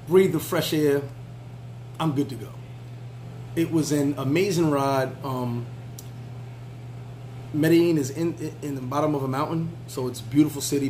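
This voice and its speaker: A man recounting a trip in a loose, chatty way, his voice sitting a little higher than most men's. He stops and restarts often and leans on fillers. A faint hum runs behind him. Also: a little mellow, low-quality recording. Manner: laid-back, chatty, frequent fillers and restarts. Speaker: travel vlogger. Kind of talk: casual storytelling.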